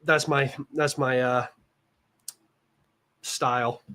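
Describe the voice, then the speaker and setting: A young American man chats loosely on a livestream from his room, rambling with many fillers and restarts. His voice is a little nasal from allergies, and his pitch sits right in the middle for a man. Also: fairly even intonation, drawn-out words, sharp tone. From United States. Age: young adult. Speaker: livestream host. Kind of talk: casual livestream chat.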